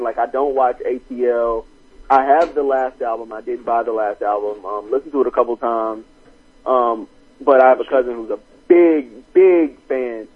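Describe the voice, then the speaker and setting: A man chatting casually on a podcast, relaxed and earnest. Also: mid-range voice, slightly rough. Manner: relaxed, earnest, repeats himself when starting a thought. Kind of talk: casual chat. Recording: tinny phone-line sound.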